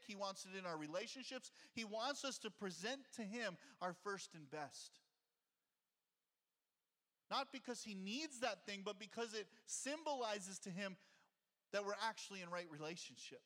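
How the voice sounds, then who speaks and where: A man's voice: high-pitched, bright, forceful tone, long reverb tail. A male pastor preaching a conversational sermon and reading scripture aloud, heard in a church sanctuary.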